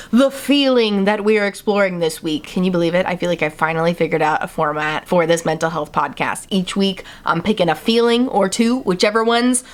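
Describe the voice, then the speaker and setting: A young woman hosting her own mental health podcast, talking casually and self-deprecatingly with lively swings in her voice. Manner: chatty, self-deprecating, animated swings in pitch. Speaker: podcast host. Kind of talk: casual solo podcast monologue.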